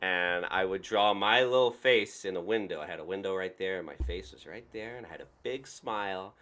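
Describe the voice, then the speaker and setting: A man's voice: deep voice, fairly quick. A young man from Georgia, doing a self-deprecating stand-up set on an online show. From Georgia, USA. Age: young adult. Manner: self-deprecating, lively storytelling with goofy put-on voices. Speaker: stand-up comic.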